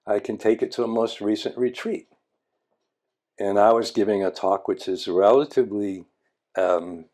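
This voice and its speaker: A man's voice: fairly low pitch, dark tone. An older man, a meditation teacher, telling stories in a frank, blunt way and stumbling over repeated words as he restarts. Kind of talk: reflective conversational storytelling.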